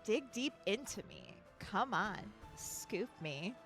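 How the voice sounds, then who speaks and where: A woman's voice: medium pitch, sing-song, slow, gravelly, fairly bright tone, soft background music, heavily acted. Woman putting on a flirty cereal mascot guy from a dating game, sultry and over the top, voice swoops around. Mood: mock seductive. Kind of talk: mock-seductive dating sim reading.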